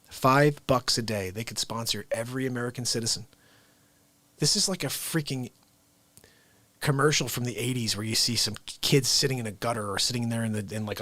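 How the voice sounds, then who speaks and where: A man's voice: medium pitch, fairly bright tone, no echo. A man hosting a live show, delivering an exasperated satirical comedy rant. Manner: exasperated ranting.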